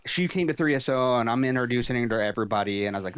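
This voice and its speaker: A man's voice: medium pitch, racing, smooth, no room sound. Rowdy, laid-back podcast man. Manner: rowdy, laid-back and profane, chiming in with reactions. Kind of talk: casual podcast chat.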